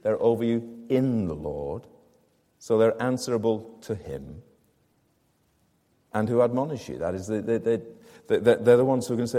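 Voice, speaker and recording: A man's voice: lowish voice, lively intonation, moderate pace, pauses often, mellow, long reverb tail. A man preaching a sermon to his congregation, explaining a scripture passage with rhetorical questions and emphatic repetition. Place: church.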